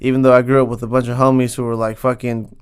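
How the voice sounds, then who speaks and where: A man's voice: medium pitch, flat delivery, quick pace, darkish tone, clear, resonant tone. A young man from Southern California hosting a podcast, delivering a heated, swear-filled comedic rant and tagging lines with "man.". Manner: heated, swears constantly, says "man" a lot. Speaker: podcast host.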